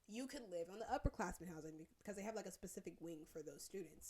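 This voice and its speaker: A woman's voice: fairly low pitch, fairly bright tone. A young woman in her twenties hosting a storytime podcast, telling her story bluntly, profanely and with lots of animation. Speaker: podcast host.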